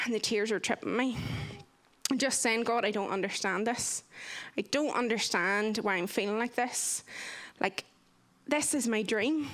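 A young woman sharing a personal testimony in earnest, expressive storytelling. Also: on the high side. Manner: earnest and expressive, acting out quoted voices. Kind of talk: candid storytelling talk.

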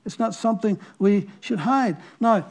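A man's voice: sits high, normal speed, gravelly, a little mellow. A man with a Northern Irish accent preaching a sermon, telling stories and asking the listeners earnest rhetorical questions. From Northern Ireland.

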